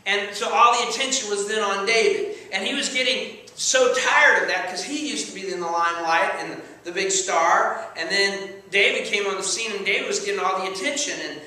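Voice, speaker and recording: A man's voice: high voice, normal speed, hardly any pauses, bright, forceful tone. A man preaching a sermon as pastor, conversational and playful, often checking in with the congregation. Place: church sanctuary. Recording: echoey church hall, mic at a distance.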